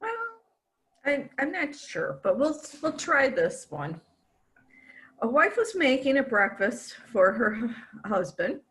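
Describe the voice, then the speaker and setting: A woman telling a joke at a speaking club meeting in an unhurried storytelling manner over a video call. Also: fairly high pitch, very animated, fairly bright tone.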